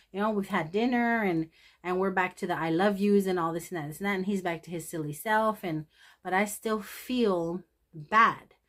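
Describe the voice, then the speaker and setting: A woman's voice: medium pitch, fairly bright tone. A woman vlogger talking casually to camera, candid, emotional and self-deprecating, addressing her viewers directly. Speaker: thrift haul vlogger. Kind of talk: casual confessional chat to camera.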